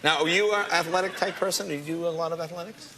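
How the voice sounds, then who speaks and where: A man hosting a talk show who teases his guest with quick questions. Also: high voice, fairly even intonation. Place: TV studio with audience. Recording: noisy TV studio with loud audience.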